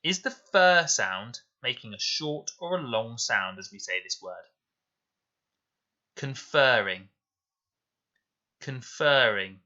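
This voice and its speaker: Bright, clear-spoken male teacher. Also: medium pitch, muffled recording. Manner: slow, clear, deliberate explanations. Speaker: primary school teacher. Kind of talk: recorded spelling lesson. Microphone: voice-over to slides.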